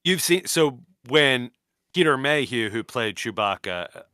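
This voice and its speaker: Man, podcast co-host, casual banter, bouncy pitch, bright tone, dry close sound. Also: no room sound. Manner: animated, jumps into quick comic voices. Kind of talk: casual chat.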